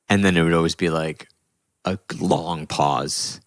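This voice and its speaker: Deep-voiced man telling a rambling story. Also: measured pace, dry recording, studio quality. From New Jersey. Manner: rambling, self-correcting, animated storyteller. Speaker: podcast host. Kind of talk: casual storytelling chat.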